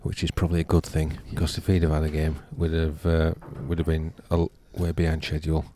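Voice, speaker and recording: A man's voice: rumbling low, monotone, fast, dark tone, slight background noise. A man giving a laid-back, rambling tournament update with dry humour. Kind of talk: casual commentary update.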